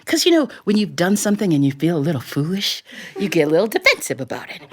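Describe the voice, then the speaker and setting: A woman storyteller telling a folktale live in a studio, animated and chuckling between lines. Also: lowish voice, quick pace, crowd noise. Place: recording studio.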